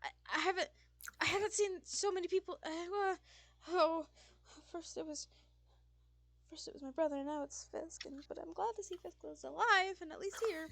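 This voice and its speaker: A nervous, overexcited young man who tumbles over his words in a squeaky tabletop game voice, put on by a woman game master. The voice is pitched well up, bright and sharp. It is recorded close and dry. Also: creaky, dry recording, full character voice. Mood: frantic excitement. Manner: squeaky, rushed, babbling. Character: jittery excitable young man, overwhelmed.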